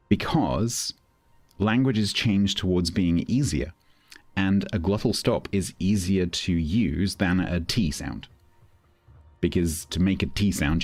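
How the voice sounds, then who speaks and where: Deep-voiced Londoner chatting on stream. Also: male voice, dry recording. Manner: chatty, explanatory, many restarts. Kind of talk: casual chat with stream chat. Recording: faint background music.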